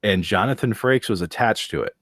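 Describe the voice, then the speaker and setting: A man's voice: lowish voice, a little fast, a bit bright, dry recording, clean studio sound. A man co-hosting a podcast, telling the story with joking asides. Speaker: podcast co-host. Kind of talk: casual storytelling chat.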